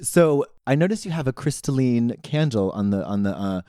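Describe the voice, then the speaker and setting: A man's voice: mid-range voice, animated, normal speed, dark tone, smooth, dry recording. Campy theatrical podcast host, man. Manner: campy, theatrical, mock-posh "darling" talk. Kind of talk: comedic podcast chat.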